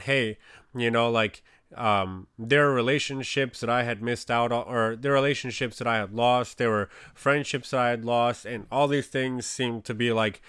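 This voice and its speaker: A man speaks in a casual, rambling way, sharing a faith testimony and leaning on "you know, like" over and over. His voice is smooth and resonant, at a middling pitch, and the sound is close and dry with no room echo. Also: a bit bright. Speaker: Christian speaker.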